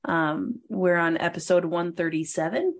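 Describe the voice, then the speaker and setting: A young woman co-hosting a podcast, her voice sitting a little low for a woman. She chats casually, laughs a lot, and her pitch leaps up whenever she gets excited. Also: normal speed. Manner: laughs often, animated pitch jumps. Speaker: podcast co-host. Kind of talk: casual chat.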